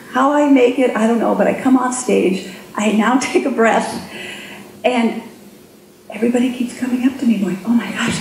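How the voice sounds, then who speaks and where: A fairly high-voiced middle-aged woman tells a lively story from a conference stage. She acts out the voices in her head as she goes, and her voice rings through an echoey room over a faint hum of ambience. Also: vocal fry. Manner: animated storyteller who acts out inner voices. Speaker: keynote speaker. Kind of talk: storytelling keynote talk.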